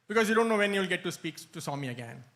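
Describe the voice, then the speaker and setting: Male retreat speaker, high-pitched, animated anecdotal storyteller. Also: very fast. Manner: animated storytelling, frequent laughs. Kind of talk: anecdotal talk. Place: hall, live-streamed.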